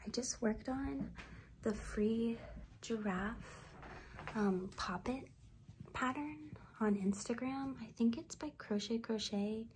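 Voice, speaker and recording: A young woman vlogging casually about crochet, rambling with lots of fillers, her voice hoarse and half-whispered as she feels unwell. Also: fairly high pitch, takes it slowly, a little hiss or hum. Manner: rambling, filler-heavy, slips into soft whispery phrases. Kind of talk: casual vlog chat.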